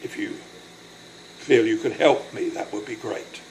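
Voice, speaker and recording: An older man recording a personal video diary, speaking in a halting, apologetic, emotional way and short of breath from illness. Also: on the low side, fairly even intonation, a little mellow, slight background noise, low-quality recording. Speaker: vlogger.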